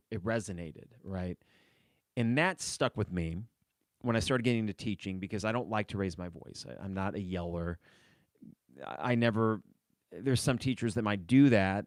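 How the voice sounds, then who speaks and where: Low-voiced man, rambling podcast host. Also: darkish tone, dry recording, clean studio sound. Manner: rambling, opinionated, reads live chat comments. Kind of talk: casual solo podcast commentary.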